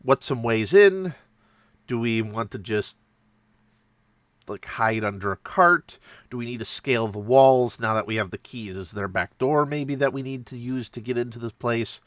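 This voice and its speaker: A man's voice: medium pitch, normal speed, fairly bright tone, no echo. A man casually retelling a tabletop game session, rambling and self-mocking with frequent laughs. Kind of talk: casual storytelling.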